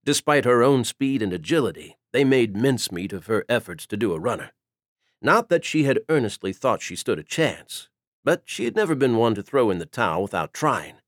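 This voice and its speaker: A man narrates an audiobook from a script at a moderate pace, his medium-pitched voice steady and even. The recording is clean studio sound with no room sound.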